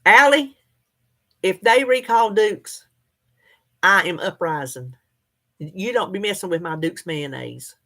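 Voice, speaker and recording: A woman's voice: on the low side, lively intonation, takes it slowly, pauses often, sharp tone. Lady chatting on her livestream, folksy, laughs a lot, answers comments. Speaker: livestream host. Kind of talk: casual live chat reading comments.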